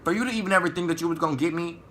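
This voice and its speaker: A man telling a story in a vlog, animated and profane, acting out what people said. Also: on the high side, racing, a little hiss or hum. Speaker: vlogger.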